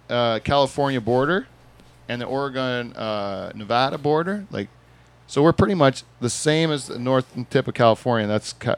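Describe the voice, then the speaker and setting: A man's voice: mid-range voice, clear, resonant tone. A Canadian man with a Southern Ontario accent, hosting a casual group podcast chat, joking and rambling with frequent laughs. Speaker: podcast host.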